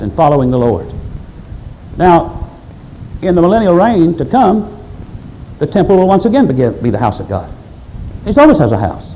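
Male pastor, lively rising-and-falling sermon delivery, mellow tone, faint room hiss. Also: sits high, poor audio. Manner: emphatic preaching, quoting scripture, rising and falling delivery.

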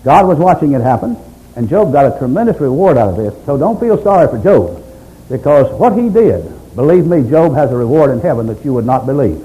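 A man's voice: medium pitch, very animated, fairly quick, muffled recording. A man preaching a sermon, emphatic, stacking up repeated phrases.

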